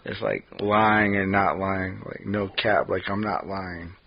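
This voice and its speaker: A man's voice: deep voice, flat delivery, a little slow, gravelly, slight background noise. A man co-hosting a podcast in casual chat, thoughtful and fond of words and how people use them. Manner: reflective, fond of language. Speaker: podcast co-host. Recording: dry, dull lo-fi podcast audio.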